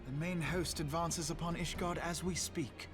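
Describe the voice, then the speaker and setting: A man's voice: fairly high pitch, steady tone, moderate pace, lightly acted. Alphinaud, a man voicing a formal young noble with game music behind. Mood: solemn. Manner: formal, archaic phrasing. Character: earnest noble young male scholar-statesman. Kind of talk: formal game cutscene dialogue.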